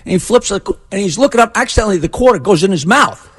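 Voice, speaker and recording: An older male comedian telling jokes on morning radio, energetic and teasing. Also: sits high, racing, slightly rough. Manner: energetic, teasing, animated storyteller. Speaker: comedian guest. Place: radio studio.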